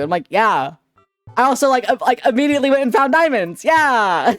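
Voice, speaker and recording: A young man chatting on a live stream as a VTuber, excitable, giggly and rambling, with a lot of laughter. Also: very high-pitched, moderate pace, no room sound, faint music behind. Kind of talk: casual live-stream chat.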